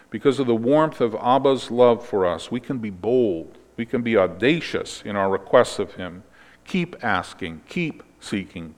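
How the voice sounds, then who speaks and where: Man preaching in a reverberant space. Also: on the low side. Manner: explanatory teaching, ends in prayer. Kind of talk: sermon.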